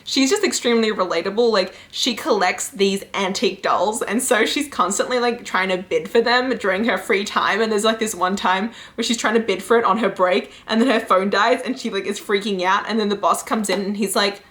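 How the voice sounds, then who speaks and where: A woman talks through her favourite webcomics in a relaxed, chatty way. She rushes through the plots with animated energy and sprinkles in plenty of "like" and "you know." Her voice sits at a middling pitch for a woman. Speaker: book and webcomic reviewer. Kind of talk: casual recommendation chat.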